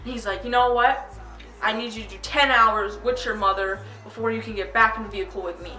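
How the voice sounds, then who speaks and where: A teenage girl telling a story to her vlog audience in a chatty, animated way. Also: a little high, brisk. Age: teens. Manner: chatty, animated retelling with quoted voices. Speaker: vlogger. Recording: echoey room, mic at a distance, faint music.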